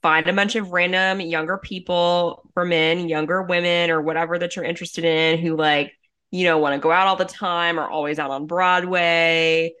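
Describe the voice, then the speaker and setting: A woman's voice: lowish voice, fairly even intonation, normal speed, a bit bright, smooth. Chatty young woman recapping TV. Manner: chatty storytelling, many fillers and asides. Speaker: podcast co-host. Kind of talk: casual recap chat.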